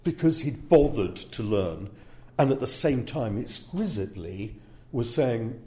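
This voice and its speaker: A man's voice: mid-range voice, expressive, measured pace, warm tone. A man working as a speaker agent, talking casually in an interview and checking in with "yeah?" between fillers.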